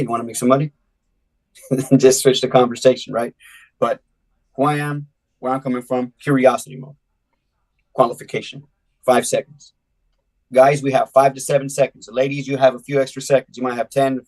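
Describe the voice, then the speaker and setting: Casting: energetic male sales trainer from California, mid-pitched, coaching and acting out doorstep dialogue. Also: low-quality recording. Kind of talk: live online sales training.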